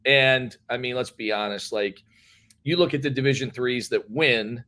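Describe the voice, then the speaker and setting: Rambling storyteller man, mid-pitched. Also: normal speed, pushed and bright. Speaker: head basketball coach. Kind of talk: casual storytelling interview.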